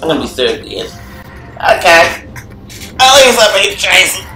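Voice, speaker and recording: A man chats and jokes while playing a game, swinging his pitch all over and often bursting into shouts. His voice is bright and sharp, and it rings in an echoey room with faint game music behind him. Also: big pitch swings, moderate pace. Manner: goofy, teasing, bursts into shouts. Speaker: co-host of a gaming channel. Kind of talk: casual chat over gameplay.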